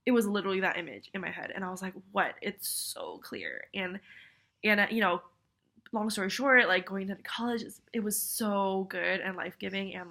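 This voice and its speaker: A woman's voice: mid-range voice, sharp tone. A young woman with a cold, talking in a rambling, self-deprecating way full of fillers and apologies in a casual video message. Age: young adult. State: congested with a cold, sniffly. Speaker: vlogger.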